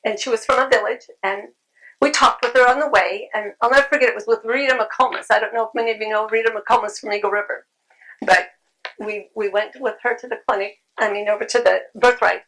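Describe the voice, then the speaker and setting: A woman talks to a convention crowd in a loose, conversational way, circling back over phrases and filling gaps with um. Her voice sits a bit high and has a bright, forward edge. There is a gravelly fry running under it. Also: steady tone, a little fast, rough recording. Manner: conversational, repeats phrases, frequent ums. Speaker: convention speaker. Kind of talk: conference talk. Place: convention room.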